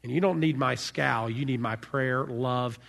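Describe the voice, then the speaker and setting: A man preaching a sermon as pastor, animated, swinging from soft to loud. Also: medium pitch, a little slow, gravelly.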